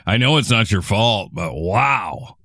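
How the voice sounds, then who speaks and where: Excitable male podcast co-host. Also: on the low side, takes it slowly, dry recording, clean studio sound. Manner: excitable, says dude a lot. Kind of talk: casual comedic chat.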